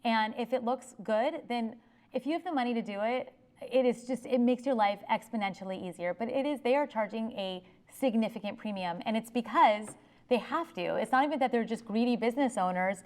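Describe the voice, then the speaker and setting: A woman attorney giving an informal talk and taking audience questions, talking fast and restarting her sentences often. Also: fairly high pitch. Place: public library meeting room.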